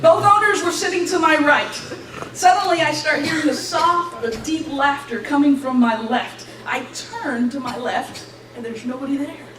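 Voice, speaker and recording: A young woman giving an animated church testimony, acting out the voices in her story and laughing between lines. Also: sits high, normal speed. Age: young adult. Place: church hall. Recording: echoey hall, distant mic, faint hiss.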